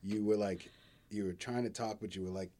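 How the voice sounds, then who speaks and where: A man's voice: lowish voice, fairly even intonation, brisk, warm tone, slight background noise. A man hosting a podcast, laughing a lot and asking short questions in casual chat.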